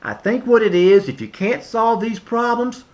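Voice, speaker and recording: A man's voice: moderate pace, a little mellow. A middle-aged American man ranting directly at the president in a casual, impassioned way, often repeating himself and restarting phrases. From United States. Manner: impassioned, repetitive, restarts, swings from low mutter to high outbursts. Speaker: vlogger addressing the president. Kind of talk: casual spoken rant.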